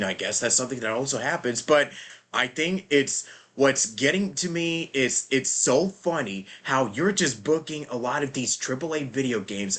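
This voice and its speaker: Host, male, lively rambling delivery, bright edge to the voice. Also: mid-range voice. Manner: rambling, many fillers and restarts, acts out quotes. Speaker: podcast host. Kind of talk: casual interview chat.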